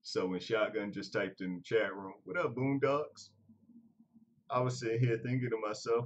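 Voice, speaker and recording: A man's voice: fairly low pitch, level tone, moderate pace, lo-fi sound, a little hiss or hum. A man chatting casually as a podcast host, loose, rambling and profane. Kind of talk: casual chat.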